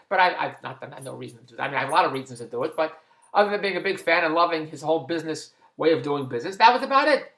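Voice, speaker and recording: A man rambling through a personal story in a chatty, digressive, excitable way, recorded in his kid's bedroom at home. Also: very fast, reverberant. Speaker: vlogger and TV producer. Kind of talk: rambling personal video blog. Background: dog squeaking a toy.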